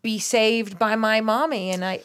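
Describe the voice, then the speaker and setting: A woman's voice: on the high side, steady tone, measured pace, fairly bright tone, smooth. A woman in her forties talking with her partner, emotional and open, close to tears. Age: 40s. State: tearing up. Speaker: podcast co-host. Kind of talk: heartfelt conversation.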